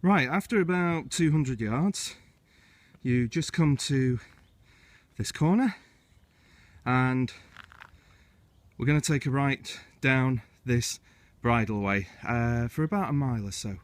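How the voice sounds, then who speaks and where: A hiking vlogger and walk guide leads viewers along a hill walk outdoors on windy hills, giving casual, chatty commentary and often opening each new stage of the route with "right." His medium-pitched voice is slow with long pauses, and the recording is dry.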